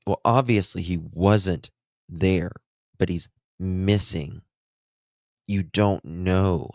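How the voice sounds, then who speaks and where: Appalachian male commentator, deep-voiced, sarcastic, dry sound. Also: drawn-out words, darkish tone, no echo. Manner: blunt and sarcastic, mocking. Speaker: true crime commentator. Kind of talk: commentary reacting to interview clips.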